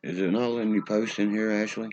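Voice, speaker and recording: A man's voice: fairly low pitch, fairly even intonation, fast talker, darkish tone, highs cut off, a little hiss or hum. A man with a West Virginia accent hosting a livestream, ranting profanely and answering chat. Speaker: livestream host. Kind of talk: casual livestream chat, reading the chat.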